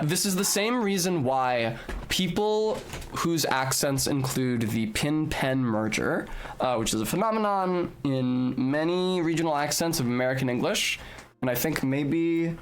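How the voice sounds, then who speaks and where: A young man with a fairly high voice chats through a live game stream. He explains things at length in a lecturing way, dropping the odd swear. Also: expressive, unhurried, a little hiss or hum. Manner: casual swearing.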